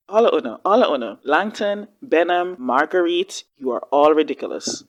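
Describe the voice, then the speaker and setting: A woman giving casual reaction commentary on a TV drama, expressive and slangy, talking back at the screen. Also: deep voice, normal speed, few pauses. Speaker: reaction video host.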